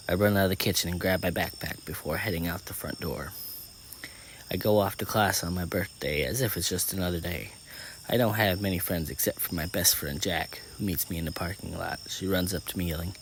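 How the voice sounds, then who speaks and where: A man with a very low voice reads a first-person story aloud. He keeps a steady pace with small slips and restarts. Faint crickets are heard behind him. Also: a little fast, a little hiss or hum. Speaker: narrator.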